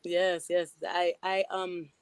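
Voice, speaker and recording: A woman's voice: fairly low pitch, completely flat delivery, slow pace, a crowd in the background. A woman with a New York accent, a rapper guest in a casual radio interview, chatty and laughing often. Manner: chatty, laughs often, many "you know"s. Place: radio studio.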